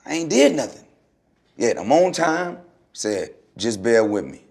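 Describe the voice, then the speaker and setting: A man, a former basketball player, telling stories in a relaxed, slangy podcast chat that turns animated. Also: medium pitch, measured pace, creaky, slightly rough. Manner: laid-back storytelling, loose slangy speech, animated when retelling.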